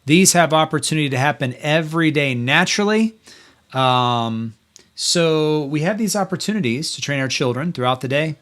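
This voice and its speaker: A man's voice: on the high side, lively intonation, normal speed, fairly bright tone. A middle-aged man hosting a podcast, giving faith-based parenting talk in an earnest, encouraging, conversational way. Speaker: podcast host.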